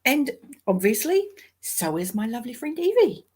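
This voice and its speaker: A woman with a New Zealand accent hosting a casual livestream, chatty and quick to laugh and exclaim. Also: a little high, sing-song, a little mellow, slightly rough. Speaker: livestream host.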